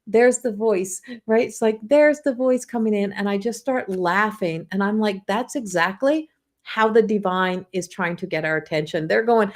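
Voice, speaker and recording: A woman in her fifties, a psychic medium, talking gently and encouragingly on a live stream and laughing often. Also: medium pitch, measured pace. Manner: tells family anecdotes with mimicked voices. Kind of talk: live-stream spiritual talk.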